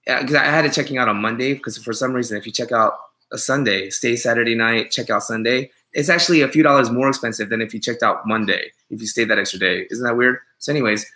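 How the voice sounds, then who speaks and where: A man's voice: medium pitch, fast talker, hardly any pauses, bright, forceful tone, rough recording. A young man hosting a casual live stream, reading viewer comments and riffing on them with sarcastic, mock-offended jokes. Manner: joking, sarcastic, rambling, with mock-offended asides.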